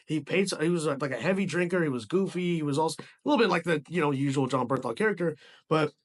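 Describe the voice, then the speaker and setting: A man's voice: a little high, fast. A man giving a casual movie review, rambling with frequent restarts and casual swearing.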